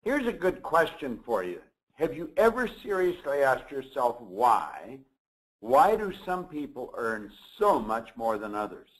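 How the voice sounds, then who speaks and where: A man hosting a motivational program, lecturing with deliberate, emphatic delivery. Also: medium pitch, sing-song, low-quality recording. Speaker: motivational speaker and program host.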